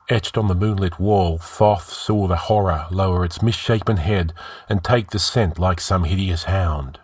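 A man narrating a fantasy tale in an audiobook reading. His voice is low and husky, and his delivery is measured and dramatic. The recording is close and dry. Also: darkish tone, no echo.

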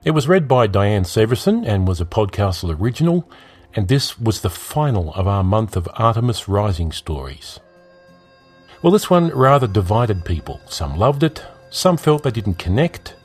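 Lively low-voiced male podcast host. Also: moderate pace, breathy edge, soft background music. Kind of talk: reading listener feedback.

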